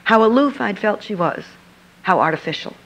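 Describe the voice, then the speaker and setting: Gravelly older woman telling a story. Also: medium pitch, animated, normal speed, fairly bright tone. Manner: vivid storyteller who acts out dialogue. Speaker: Christian speaker. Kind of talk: personal storytelling talk. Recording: dull lo-fi archive recording.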